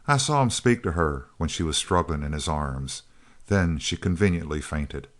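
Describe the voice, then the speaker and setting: A man's voice: a bass voice, lively intonation, moderate pace. A man reading the lines of an angry, suspicious male outlaw lieutenant with fierce, accusing speech.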